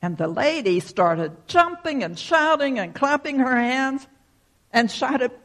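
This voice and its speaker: A man's voice: very high-pitched, animated, slow. A man preaching a sermon, telling a folksy story and leading a prayer. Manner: folksy storytelling, acts out shouted quotes. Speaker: pastor.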